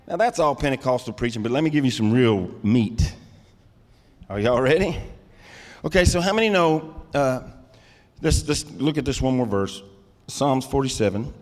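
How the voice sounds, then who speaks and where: A middle-aged man preaching a sermon, calling out to the congregation and rising into loud, emphatic bursts. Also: mid-range voice, animated, normal speed, big-room sound. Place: church sanctuary.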